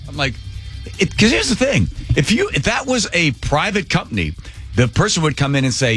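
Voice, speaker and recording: An animated male radio host chats casually on air, his voice leaping up and down as he tells a story. He drops into low mutters, then bursts out loudly. Faint music hums behind him. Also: moderate pace, creaky. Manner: animated storyteller, swings between mutters and outbursts.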